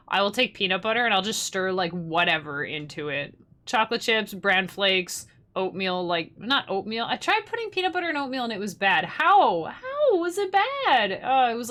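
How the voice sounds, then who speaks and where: A young woman with a bright, clear-toned voice chats loosely during a live music stream. She rambles from thought to thought and laughs easily, in an ordinary middle register. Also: medium pitch. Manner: chatty and rambling, often laughing. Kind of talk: casual livestream chat.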